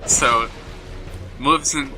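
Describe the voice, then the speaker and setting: This gaming-show co-host has a mid-range voice, a sharp tone and a measured pace, with game music playing behind him. In casual chat during play, he rambles through a film's plot dismissively, using lots of fillers.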